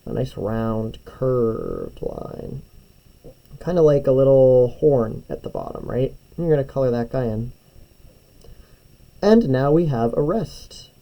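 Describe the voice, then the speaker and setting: A man's voice: mid-range voice, dark tone, low-quality recording. A young man who teaches music, walking kids through a drawing step by step in a patient, encouraging way. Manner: patient, step-by-step, often checks with "right?". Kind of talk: drawing tutorial lesson.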